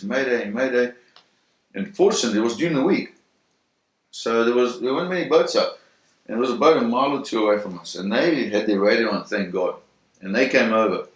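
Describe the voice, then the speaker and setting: Low-voiced man telling a story in a roomy space. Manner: vivid, acts out sounds and voices in the story. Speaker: interviewee recounting a first-hand story. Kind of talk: animated storytelling. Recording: roomy echo.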